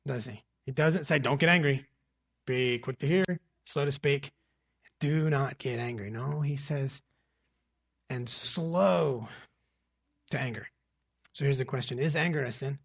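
A man's voice: mid-range voice, a little slow, gravelly, pauses often, husky, no room sound, muffled recording. A man preaching a conversational sermon, asking the congregation rhetorical questions as he reads and explains scripture. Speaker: pastor. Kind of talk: expository sermon.

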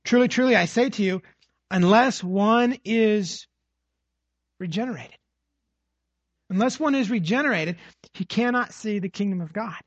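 A man with a somewhat high, husky voice preaches a verse-by-verse sermon. He leans hard on key phrases and keeps checking in with his listeners through "right?" and "okay?". The sound is dry and a little dull, with a lo-fi edge. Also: a little slow, long pauses, dry recording. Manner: emphatic, repeats phrases with rhetorical "right?". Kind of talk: expository sermon.

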